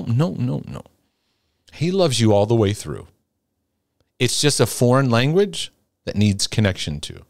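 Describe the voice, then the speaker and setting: A middle-aged man preaching to his listeners, his voice swooping up and down. He jumps into high, pleading voices when he mimics people's prayers. The sound is dry and close. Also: dry recording. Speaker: Christian teacher and coach. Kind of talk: sermon-style teaching broadcast.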